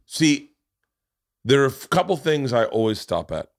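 A man's voice: medium pitch, very animated, normal speed, vocal fry. A man hosting a podcast, rambling and joking with plenty of swearing in casual chat. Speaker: podcast host.

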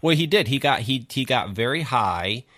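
A man hosting a casual live talk show in a chatty, informal way with halting restarts. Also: mid-range voice, expressive, fairly bright tone, no room sound, studio quality. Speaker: host. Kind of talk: casual chat.

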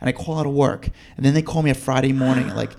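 A man who is a guest on a podcast tells a story in casual chat, lively and acting out the people in it. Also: mid-range voice, racing, gravelly. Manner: animated, acts out the people in his story. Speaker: podcast guest, TV news producer.

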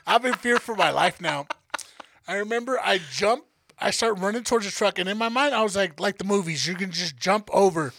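A man co-hosting a podcast, telling stories in a casual, animated and profane way. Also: sits high, fairly quick, no room sound. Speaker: podcast co-host. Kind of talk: casual storytelling chat.

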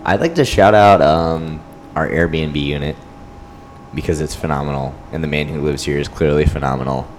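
A man's voice: rumbling low, moderate pace, in a large hall, slight background noise. A young man from the Midwest co-hosting a podcast, chatting in a dry, wry way. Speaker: podcast co-host. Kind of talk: casual chat.

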